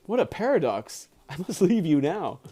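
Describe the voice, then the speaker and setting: A man streaming live, reading a book aloud and breaking off into casual chat at home with his dogs around, animated and quick to laugh, often correcting himself mid-sentence. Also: fairly high pitch. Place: home, with pet dogs nearby.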